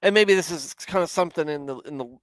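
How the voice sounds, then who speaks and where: A man hosts a casual livestream Bible commentary in a fast voice on the high side, on a dry recording. He rambles with many restarts and stops to chat with his live viewers.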